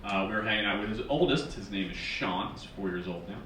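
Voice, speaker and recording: A man in his thirties from Northern Virginia performing a stand-up comedy set in a wry, sarcastic, animated way, recorded from a distance on a small theater stage. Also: on the low side, fast talker, a little hiss or hum. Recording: echoey theater from far off. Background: live audience laughing.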